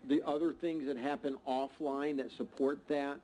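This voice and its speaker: Mellow-voiced man, halting and searching. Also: mid-range voice, little pitch movement, poor audio. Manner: halting, stammering restarts. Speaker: panel host. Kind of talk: casual panel talk.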